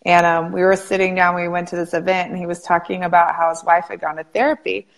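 A woman hosting an interview, telling stories in an animated way and often saying "like". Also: fairly low pitch, fast. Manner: animated storyteller, frequent "like". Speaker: interview host, practice coach. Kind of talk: casual interview chat.

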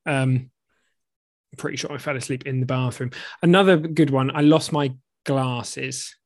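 A man's voice: medium pitch, a little slow, no room sound. Chatty uk guy cohosting a podcast, dry close mic, mid voice, laughs through his stories. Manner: chatty, laughing, animated storytelling. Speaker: podcast co-host. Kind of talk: casual chat.

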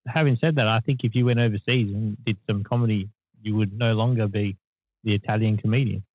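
A man hosting a casual podcast chat, rambling and thinking out loud. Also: lowish voice, fairly even intonation, fairly quick, no echo. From Australia. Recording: dry, phone-like sound.

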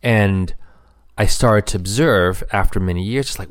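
A middle-aged man speaking earnestly about marriage, thinking aloud with fillers and pauses. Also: sits low, clean tone. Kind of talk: reflective personal talk.

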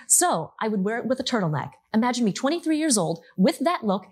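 A woman in her thirties from the United States giving a talk to an audience, telling her story in a lively, animated way. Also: on the high side, fast talker, slightly rough.

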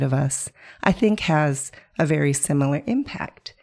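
Woman podcast host, low voice, gravelly, hoarse, calm coaching questions to the listener. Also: a little slow, hardly any pauses. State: hoarse from a bronchial virus. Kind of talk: reflective solo podcast talk.

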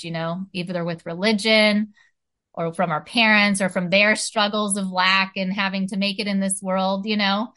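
A woman's voice: mid-range voice, pushed and bright. A woman talking earnestly in a casual spiritual chat, full of "you know" and "like".

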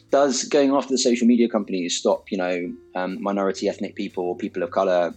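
A man with a lowish voice pressing his point in a relaxed conversation, stumbling over restarts as he builds up. Faint music sits under the talk. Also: fairly quick. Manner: argumentative, emphatic, stumbling restarts. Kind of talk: casual conversation.

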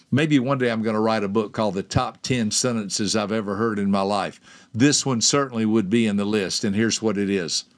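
An older man hosting a podcast, telling a personal story to listeners and asking them direct questions. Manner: lively storyteller, acts out quoted voices with big pitch jumps. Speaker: podcast host and personality teacher.

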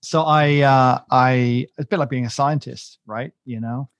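A man rambles through a casual podcast chat, self-mocking and full of restarts. His voice has a gravelly texture. The sound is dry and close, with no room around it. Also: medium pitch, fairly even intonation, measured pace, no room sound, muffled recording. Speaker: podcast co-host.

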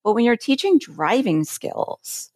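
A woman in her forties, a safety consultant, tells work stories in a chatty, casual interview, animated and full of filler words. Her voice is a little high and a little slow, recorded at studio quality with no room sound.

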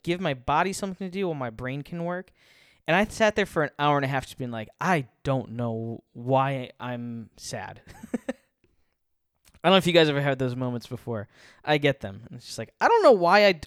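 A man's voice: medium pitch, a bit bright, clear, resonant tone, no echo, studio quality. A man giving a casual faith talk. He chuckles often and rambles, restarting his sentences.

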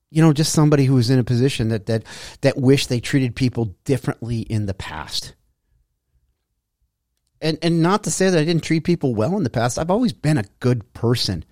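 A middle-aged man delivers a solo motivational monologue in a pressing, frustrated tone, leaning hard on repeated points. His voice sits at an ordinary pitch and is recorded close and completely dry, with no room sound at all. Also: warm tone, no echo. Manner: emphatic, frustrated, preachy. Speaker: podcast host.

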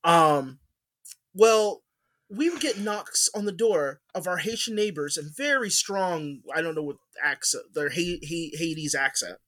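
A man's voice: on the high side, lively intonation, a little slow, a bit bright. A man telling a story in casual podcast chat, rambling with many fillers and restarts. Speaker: podcast co-host.

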